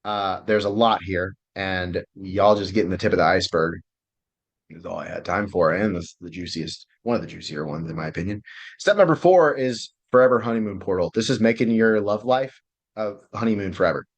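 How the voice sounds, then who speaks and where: A man coaching relationships in a casual online class, loose and excitable, swearing freely. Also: sits low, brisk, gravelly. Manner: loose, profane and excitable, many fillers.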